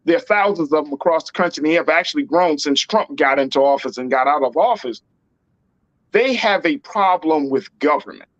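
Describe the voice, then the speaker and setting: A man's voice: a little high, animated, a little fast, no echo, highs cut off. A man hosting a political talk show, speaking in an emphatic, slangy and repetitive way. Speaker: host.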